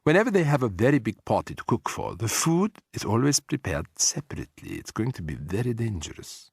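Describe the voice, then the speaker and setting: A man voicing a prim, deliberate elderly grandmother in an audiobook. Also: mid-range voice, sing-song, husky, no echo, clean studio sound. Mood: gentle. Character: brisk proper elderly grandmother. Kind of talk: audiobook character voice.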